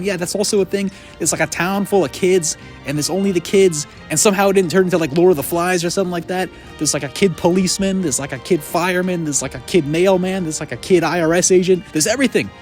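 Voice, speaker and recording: A man rambles through a jokey movie recap while sitting outside. He goes off on tangents, and his pitch leaps upward whenever he gets worked up. Faint music sits behind him. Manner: rambling, jokey, animated with voice jumps. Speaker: video essay host. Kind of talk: casual comedic movie retrospective. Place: outdoors in a yard under a tree.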